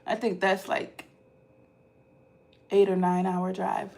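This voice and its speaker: A woman vlogger from Ohio, telling stories casually to her live chat and swinging from hushed asides to loud outbursts. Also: mid-range voice, level tone, takes it slowly, creaky.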